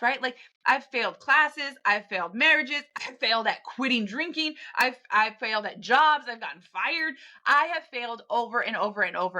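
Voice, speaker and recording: Bright-voiced woman giving a blunt pep talk. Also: fairly high pitch. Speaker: podcast host. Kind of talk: motivational monologue.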